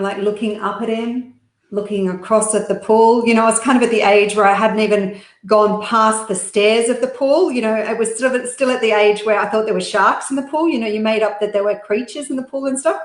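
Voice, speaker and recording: Quick-talking Australian woman, roomy echo. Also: on the high side. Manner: quick, animated storytelling with frequent fillers. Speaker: guest, business founder. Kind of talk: interview storytelling. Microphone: video call.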